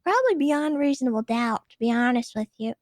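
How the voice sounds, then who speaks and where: A woman's voice: a little high, animated, fast, dry recording, studio quality. A woman playing a defendant in a roleplay court, talking defensively and slipping into a southern drawl. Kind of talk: in-character roleplay banter.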